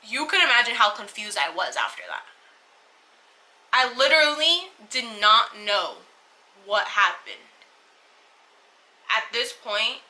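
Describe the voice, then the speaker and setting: With a mid-range, sharp-toned voice on a rough recording, this young vlogger retells something personal in an emotional, meandering way. She keeps restarting sentences and leaning on filler words.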